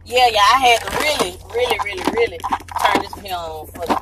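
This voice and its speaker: A woman, chatting excitedly to her viewers while driving, a little out of breath and laughing often. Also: medium pitch, fairly quick, very noisy. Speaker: vlogger and mom. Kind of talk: casual vlog talk to viewers. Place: inside a car while driving. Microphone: handheld phone camera.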